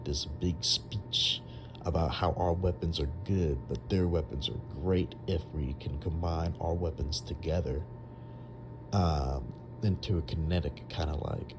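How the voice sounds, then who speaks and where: A young man with a low, deep voice tells a long dream in a casual, rambling way. He stumbles through fillers and restarts as he goes. A faint ambient hum sits under the recording. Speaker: storyteller.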